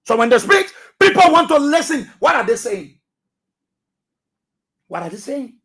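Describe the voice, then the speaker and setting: A man's voice: very high voice, very animated, normal speed, a bit bright. A man with a Liberian English accent hosting a radio talk show, delivering emphatic commentary with repeated phrases and rhetorical questions. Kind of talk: commentary monologue. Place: radio studio.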